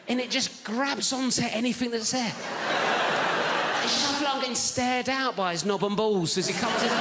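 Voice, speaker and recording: A male stand-up comedian, telling animated stories and chatting with the crowd in a large theatre. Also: sits high, very noisy. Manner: animated storytelling, chats with the crowd. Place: large theatre with a live audience. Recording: roomy live theatre recording with loud audience.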